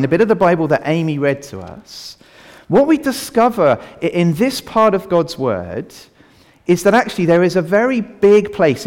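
Guy preaching to a church family, really animated voice, bit high, echoey church hall. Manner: animated, asks the congregation questions. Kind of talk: all-age sermon.

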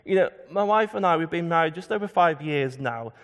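Male preacher, thirties, higher voice with animated pitch, reverberant church hall. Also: a little fast. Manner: emphatic, dropping low and soft on key words. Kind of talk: sermon. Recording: long reverb of a large hall.

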